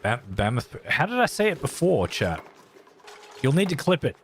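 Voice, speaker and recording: A man's voice: on the high side, big pitch swings, normal speed, a little hiss or hum. A man casually live-streaming a game, thinking aloud as he builds and chatting playfully with his viewers.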